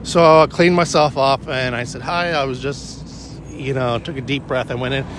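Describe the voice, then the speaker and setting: A man's voice: medium pitch, steady tone, normal speed, noisy background. A man vlogging casually on a morning walk with his dog, telling a rambling personal story with restarts and swearing.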